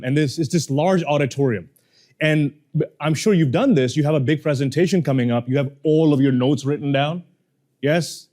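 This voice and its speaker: A man in his twenties or thirties, a speaking coach, telling a personal story to a live audience and acting out the people he quotes. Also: fairly high pitch. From moved to Canada as a young adult. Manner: animated, quotes people in shifting voices.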